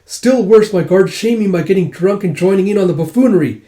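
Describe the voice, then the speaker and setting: Man voicing a flustered apologetic young lord, raised voice, higher than usual, mellow tone, echoey room. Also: brisk. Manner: excitable, raised voice. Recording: roomy echo.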